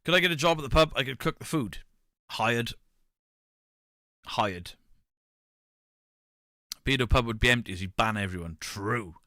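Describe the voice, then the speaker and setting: A man's voice: mid-range voice, lively intonation, moderate pace, long pauses, no echo, clean studio sound. A man, streaming and bantering casually with his chat. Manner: banter, reads chat aloud, shouts mock pub-landlord bits.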